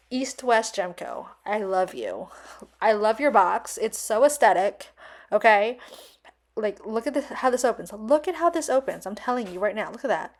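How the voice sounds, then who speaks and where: A woman's voice: mid-range voice, big pitch swings, moderate pace. A young adult woman narrating a casual vlog voice-over, gushing and effusive, chatty with lots of fillers. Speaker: vlogger reviewing a purchase.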